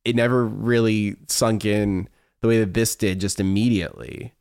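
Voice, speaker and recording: A man hosting a podcast in casual chat, animated with quick asides. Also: lowish voice, vocal fry. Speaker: podcast host.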